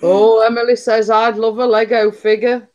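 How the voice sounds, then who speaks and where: A woman's voice: a little high, flat delivery, normal speed, a little mellow, muffled recording. A woman chatting casually, giggling and teasing her friends. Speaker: host. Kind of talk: casual chat.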